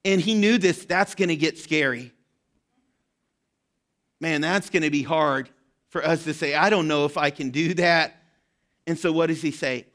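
A man preaching a sermon as pastor, impassioned and direct, rising to shouts at the peaks. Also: fairly high pitch, a little slow, long pauses.

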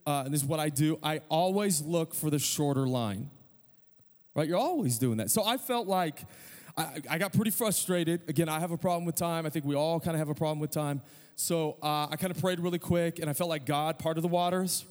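A middle-aged male pastor preaching a sermon, telling a story with self-deprecating humor and quick asides. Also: fairly high pitch, darkish tone, big-room sound.

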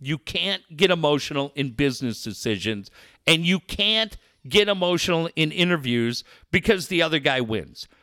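A man's voice: a little high, expressive, normal speed, bright, forceful tone, no echo, studio quality. A man hosting a talk show, ranting angrily and swearing constantly. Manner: angry, profane, ranting. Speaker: sports radio host.

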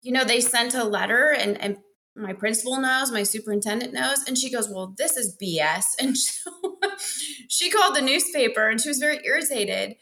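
Speaking briskly in a high-leaning voice that sounds pushed and bright, a Montana teacher chats casually as a podcast guest. She pokes fun at herself, laughs a lot, and performs snippets of dialogue in this interview.

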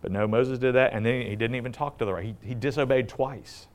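At a fairly quick pace, a man with a medium-pitched voice preaches from the Bible like a conversation. He asks his listeners questions and animatedly acts out the quoted lines.

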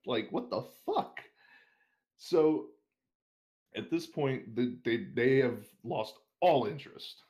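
A man's voice: medium pitch, lively intonation, slow, pauses often, a little mellow. A young man telling a long story as an interview guest, casual and full of swearing, laughing as he goes. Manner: profane, rambling, laughs while telling.

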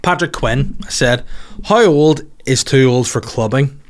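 A man's voice: medium pitch, a little slow. Northern irish guy in his 40s chatting on his podcast, rambly and sweary, pokes fun at himself. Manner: rambling, sweary, self-mocking. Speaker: podcast host. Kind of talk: casual solo podcast chat.

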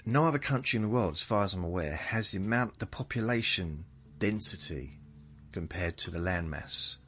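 A man's voice: deep voice, lively intonation, moderate pace, bright, forceful tone. A man with a southern English accent, hosting a podcast as a meandering, self-correcting monologue meant to lull listeners to sleep. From southern England. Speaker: podcast host.

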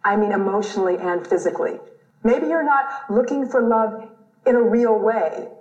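An actress playing a female motivational speaker in a TV series, preaching positive thinking in a calm, insistent way. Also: mid-range voice, normal speed, lightly acted. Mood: preachy. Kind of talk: TV series acting. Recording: roomy, dull TV clip audio.

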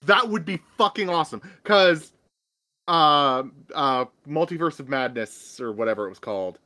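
A man with a somewhat high voice chats about films. His pitch swings widely as he gets animated, and he tumbles over quick restarts before getting the point out. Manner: animated, stammers through restarts. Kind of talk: casual chat about films.

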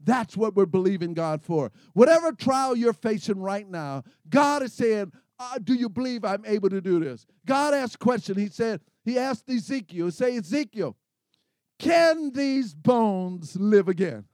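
Man, preacher, high voice, dry close sound, call-and-response, excited sermon. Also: moderate pace, few pauses, dry recording.

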